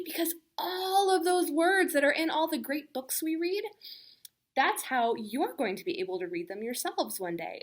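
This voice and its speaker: A woman hosting a children's storytime at a library, reading aloud in an animated way and coaxing young listeners with questions. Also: high-pitched.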